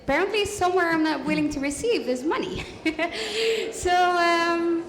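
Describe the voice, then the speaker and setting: A woman in the audience asks her question hesitantly, stopping on "um"s and leaving sentences unfinished. Her voice is high. Roomy echo and a long hall reverb surround her. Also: a little slow. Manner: hesitant, with many "um"s and trailing sentences. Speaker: audience member asking a question. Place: large event hall.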